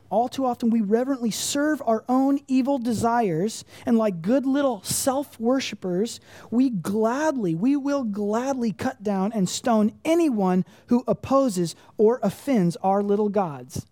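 A woman preaching a sermon in a mellow, warm tone. She speaks conversationally, leaning on rhetorical questions and emphatic repetition. The sound is dry and close. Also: mid-range voice, no room sound. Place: church congregation room.

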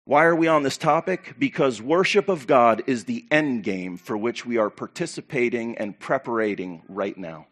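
A pastor preaching to his church, animated and preacherly, with loud bursts and quiet asides. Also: mid-range voice, normal speed, few pauses. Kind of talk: sermon.

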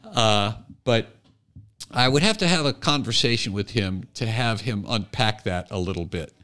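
A man hosting a comedy podcast, joking and laughing with his co-host, then reading a long quote aloud deliberately. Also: on the low side, pushed and bright. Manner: jokey, laughs often, reads aloud deliberately. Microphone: podcast microphone.

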